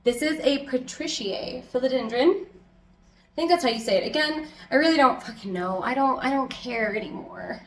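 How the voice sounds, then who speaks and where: A woman's voice: sits high, expressive, normal speed. Chatty, swearing woman plant vlogger. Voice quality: loud, close to yelling. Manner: chatty, swears a lot, giggly, talks to her plants. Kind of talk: casual chat. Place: her home. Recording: echoey room with faint background noise.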